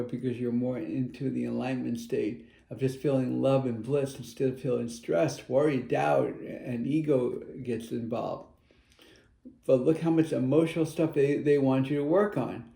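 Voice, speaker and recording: Earnest spiritual advisor man, gravelly. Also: mid-range voice, mellow, echoey room. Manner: earnest and meandering, with acted-out inner voices. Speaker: spiritual advisor giving a card reading. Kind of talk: tarot card reading.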